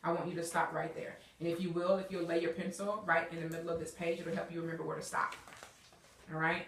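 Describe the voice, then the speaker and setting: A woman's voice: fairly low pitch, little pitch movement, fast, slight background noise. A woman teacher guiding young readers, encouraging and checking in often with "okay?" and "all right?". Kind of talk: classroom instruction. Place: classroom. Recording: roomy classroom, mic far off.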